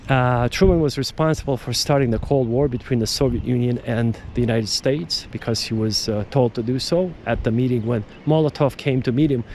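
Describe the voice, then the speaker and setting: Rambling man with a mellow voice. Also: mid-range voice, a little fast, hardly any pauses, a little hiss or hum. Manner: digressive, emphatic, repeats words and restarts sentences. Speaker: podcast host. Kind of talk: casual rambling monologue.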